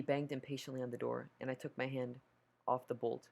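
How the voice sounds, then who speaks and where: A man's voice: mid-range voice, little pitch movement, fairly quick, gravelly. A man reading a horror story aloud, nervous, stumbling over words and correcting himself. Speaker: story narrator.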